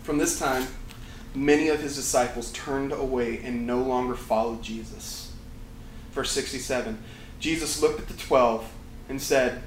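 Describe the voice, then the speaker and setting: A man's voice: medium pitch, steady tone, measured pace, slight background noise. A young man preaching a casual sermon to a campus ministry, often restarting and correcting himself. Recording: echoey room with faint ambience.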